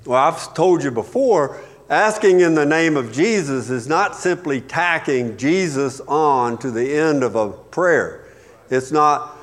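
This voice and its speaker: A male pastor preaching a sermon in a church sanctuary, his voice a little higher than most men's. He is emphatic, rising to sharp peaks and dropping low to drive points home, and every word trails off into a long hall reverb. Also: lively intonation, measured pace. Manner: emphatic preaching with sudden rises and drops in pitch and volume.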